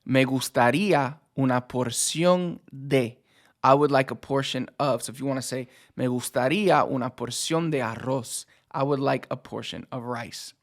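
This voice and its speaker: A man's voice: medium pitch, normal speed. Laid-back man teaching a language. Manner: relaxed, explains with fillers like "so" and "like". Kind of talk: casual language lesson.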